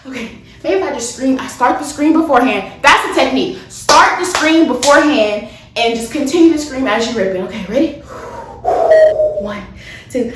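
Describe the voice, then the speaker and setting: A woman's voice: sits high, expressive, moderate pace, echoey room, heavy background noise. A young woman, vlogging in a nervous, joking way, counting down and yelping, shaky and sweaty. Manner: dramatic, nervous, joking, loud yelps and counting down. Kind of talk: casual vlog chat. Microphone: phone camera.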